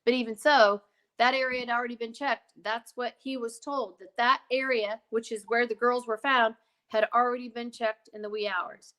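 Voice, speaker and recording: A woman's voice: a little high, fairly even intonation, moderate pace, a bit bright. A woman guest in a casual talk, explaining things in an emphatic, digressive way with many asides. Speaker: podcast guest. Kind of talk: casual conversational storytelling.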